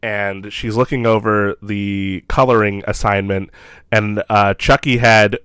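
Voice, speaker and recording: A man's voice: fairly low pitch, fairly even intonation, measured pace, a bit bright, clean tone, no echo, studio quality. A man co-hosting a podcast, recapping a horror film in casual chat, laughing often and acting out quoted lines. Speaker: podcast co-host.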